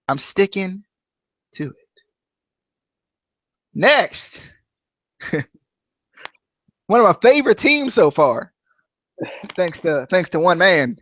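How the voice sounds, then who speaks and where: Playful high-voiced man, dull dry sound. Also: fairly bright tone, dry recording. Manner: playful, jokey, sing-song chants. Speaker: podcast co-host. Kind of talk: casual chat, football picks.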